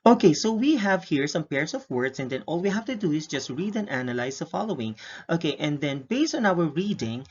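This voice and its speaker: A man's voice: a little high, big pitch swings, brisk, breathy edge. A man giving a recorded English lesson, explaining steadily and checking in with frequent "okay?"s. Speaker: English teacher. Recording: dull lo-fi recording.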